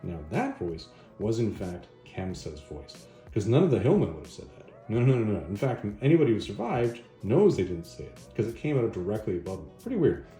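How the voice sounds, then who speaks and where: A man's voice: lowish voice, sing-song, fairly quick, mellow, faint music behind. A man hosting a video, casually recapping a comic story with rambling self-corrections. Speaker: video host, comic reviewer. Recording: echoey room.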